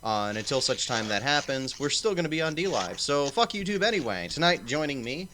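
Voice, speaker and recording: A man's voice: mid-range voice, big pitch swings, a little fast, few pauses, pushed and bright, slight background noise. A man hosting a casual livestream panel, swearing and rambling with lots of fillers. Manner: profane, rambling, filler-heavy. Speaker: stream host.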